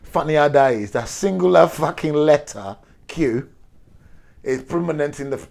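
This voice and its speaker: A man's voice: on the high side, animated, moderate pace, creaky, a little mellow. An older man whose first language is Portuguese, tipsy and rambling through a profane history rant while acting out characters in quotes. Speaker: show regular.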